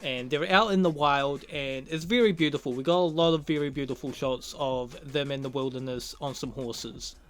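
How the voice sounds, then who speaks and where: A man's voice: medium pitch, moderate pace, few pauses, soft background music. A man casually recapping and reviewing a TV episode, rambling and swearing freely, often chuckling.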